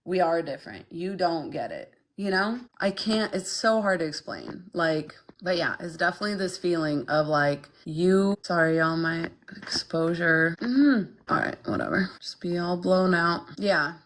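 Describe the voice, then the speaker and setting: A woman's voice: fairly low pitch, a little slow, hardly any pauses, slight background noise. Blunt young woman chatting on stream. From Ukraine. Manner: frank, blunt, filler-heavy, lots of "like". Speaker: podcast host reading chat. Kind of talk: casual livestream chat.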